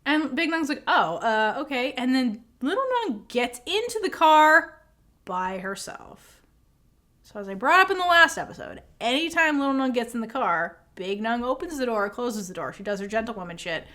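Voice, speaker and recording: Podcast co-host, woman, high-ish and very lively delivery, casual recap chat with acted-out quotes. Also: moderate pace. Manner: animated, acts out characters' lines with lots of swearing and laughter.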